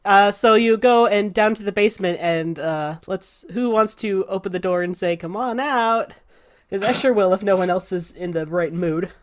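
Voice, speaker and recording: A woman narrating a tabletop game as game master, relaxed, with many pauses and fillers. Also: mid-range voice.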